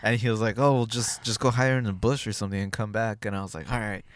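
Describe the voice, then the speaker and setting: A man's voice: lowish voice, steady tone, quick pace, a crowd in the background. A young man co-hosting a podcast, telling a rambling story in casual chat with lots of fillers and restarts. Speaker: podcast co-host.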